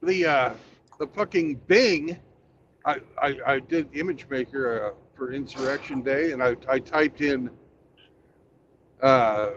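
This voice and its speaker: A man's voice: mid-range voice, a little slow, a bit bright, slight background noise. A man hosting a casual chat, crude and sarcastic in his banter. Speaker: host. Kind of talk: casual chat while driving. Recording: dull lo-fi sound with faint ambience.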